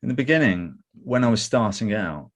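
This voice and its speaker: A middle-aged man with an English accent and a low, deep voice talks through his work in a relaxed interview. He is candid and tells stories, and he often slips into voicing other people as he goes. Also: moderate pace. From England. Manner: candid, anecdotal, animated when quoting others. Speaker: actor guest. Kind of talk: interview conversation.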